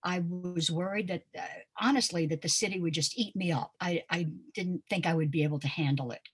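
A woman's voice: on the low side, brisk, husky. An older woman from Pensacola, a dance teacher, recalling her past in an interview as a guest and telling stories with frequent ums and uhs. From Pensacola, Florida. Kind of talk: reminiscing conversational interview.

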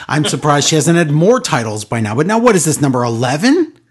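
A man's voice: on the high side, sing-song, a little fast, breathy edge. A man hosting a casual wrestling podcast, giving sarcastic recaps with mocking impressions. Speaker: podcast host.

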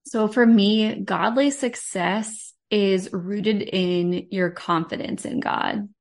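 A woman's voice: mid-range voice, fairly even intonation, slow pace, gravelly. A woman who runs her own business, a podcast guest talking in an earnest, heartfelt way. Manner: earnest and heartfelt, talks about faith. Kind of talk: casual podcast conversation.

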